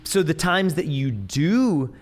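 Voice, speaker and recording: A man's voice: a little high, big pitch swings, slow pace. A man speaking as a guest pastor on a podcast, earnestly offering reflective parenting advice in a casual conversation.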